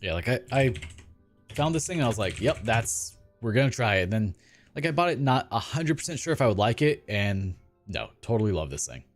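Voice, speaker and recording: A man's voice: lowish voice, big pitch swings, a little fast, soft background music. A man chatting casually while streaming a video game, rambling and self-deprecating. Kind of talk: casual gaming stream chat.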